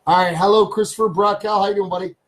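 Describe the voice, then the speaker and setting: A chatty man from Canada hosts a casual live stream from his home studio. His voice sits a little on the high side. He repeats himself often and talks to his pets between reading out viewers' names. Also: fairly even intonation, fast talker, low-quality recording.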